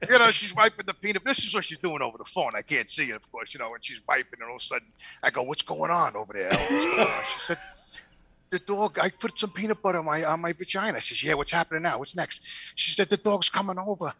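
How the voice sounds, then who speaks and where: Fast, bright-voiced man telling a raunchy story. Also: a little high, poor audio. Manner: animated, profane storytelling, acting out quoted dialogue. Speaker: podcast regular telling a story. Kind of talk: casual podcast chat.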